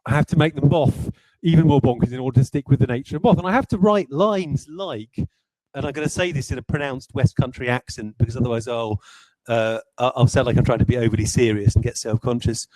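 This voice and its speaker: A man's voice: mid-range voice, quick pace, a little mellow, dry recording, poor audio. A man, a game designer, talking through design ideas in a rambling, self-deprecating way with many hesitations. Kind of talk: livestreamed design talk.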